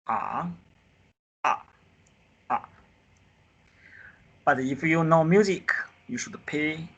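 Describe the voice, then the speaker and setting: A man teaching a beginner Mandarin class on a video call, acting out the four tones with drawn-out sighs, in simple non-native English. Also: fairly high pitch, bright, forceful tone, husky. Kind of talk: live online group lesson. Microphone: computer mic on a video call.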